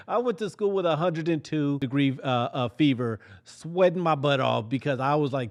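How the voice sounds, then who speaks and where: Podcast host guy, kinda high and gravelly, animated storytelling, laughs a lot. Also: normal speed. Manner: animated, laughs often, acts out quotes. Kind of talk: comedic storytelling.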